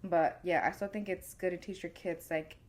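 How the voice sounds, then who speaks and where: A woman's voice: lowish voice, steady tone, normal speed, darkish tone. A young woman co-hosting a podcast, talking in a candid, casual way, swearing freely and acting out her own inner voice. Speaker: podcast co-host. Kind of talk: casual chat.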